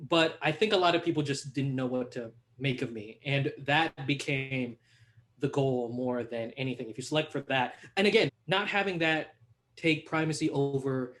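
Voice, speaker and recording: A young man chatting as a podcast guest, animated and laughing, acting out quotes as he tells stories. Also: mid-range voice, moderate pace. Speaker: podcast guest, hip hop artist. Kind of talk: casual conversation.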